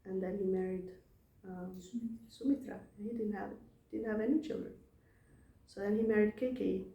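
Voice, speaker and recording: A woman's voice: medium pitch, steady tone, moderate pace, creaky, warm tone, echoey room. A woman casually retelling scripture stories in a chatty way, laughing often. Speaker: devotee telling scripture stories. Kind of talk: casual storytelling talk.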